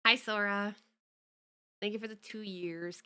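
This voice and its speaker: A woman's voice: mid-range voice, fairly even intonation, unhurried, sharp tone, clear, resonant tone. A young woman streamer chatting casually with her viewers, greeting them and cursing offhandedly. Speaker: VTuber streamer. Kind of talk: casual livestream chat.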